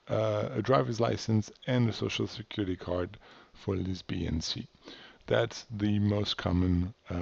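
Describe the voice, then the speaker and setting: A man's voice: on the low side, vocal fry, warm tone, slightly rough, dry recording, muffled recording. A man from France casually walking through paperwork in a loose, offhand tutorial, correcting himself as he goes. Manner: loose and offhand, many fillers and self-corrections. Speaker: instructor. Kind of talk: casual screen-share tutorial.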